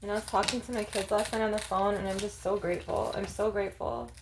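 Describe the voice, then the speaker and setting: Rambling woman with a gravelly voice. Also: mid-range voice, steady tone, fast talker, noisy background. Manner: rambling, says "like" and "you guys" often. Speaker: vlogger showing crystals. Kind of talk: casual chat to camera.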